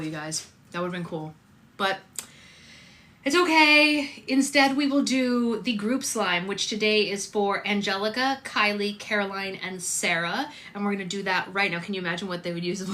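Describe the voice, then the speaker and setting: A woman's voice: lowish voice, sharp tone. A woman hosting a live stream, chatting upbeat and casually with viewers while making slime.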